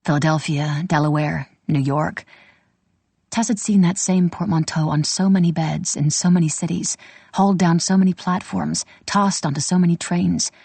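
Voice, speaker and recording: A woman reading a historical novel aloud as an audiobook narrator, steady and measured. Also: on the low side, gravelly, breathy edge, no echo.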